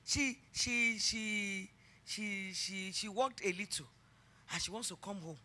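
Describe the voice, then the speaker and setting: Here a middle-aged woman pastor, Nigerian in accent, preaches slowly at a medium pitch. She is emphatic, circling back over her own phrases as the sermon rises into shouted exhortation.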